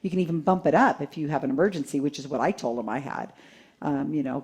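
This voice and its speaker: A woman giving a live talk to a seated audience, telling a story in an animated way, laughing and acting out quotes. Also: low-pitched, fast talker, husky. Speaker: conference speaker.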